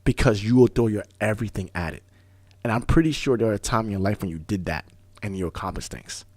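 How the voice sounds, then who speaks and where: Low-voiced guy on talk radio, rambling animated monologue, dry studio sound. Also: dry recording. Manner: animated storyteller, fast bursts, repeats and restarts words. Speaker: radio show host. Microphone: studio microphone.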